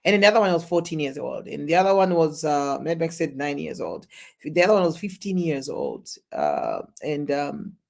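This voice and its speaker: Casual live stream reaction: the host talks slowly and haltingly, restarting sentences over and over, then breaks into loud exclamations while reading viewer chat aloud. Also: mid-range voice, gravelly.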